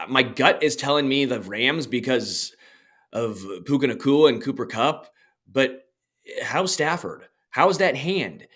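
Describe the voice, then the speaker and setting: A man's voice: medium pitch, fairly bright tone. Blunt opinionated man co-hosting a podcast. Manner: blunt, opinionated, dismissive of teams. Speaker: podcast co-host. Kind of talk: casual sports podcast chat.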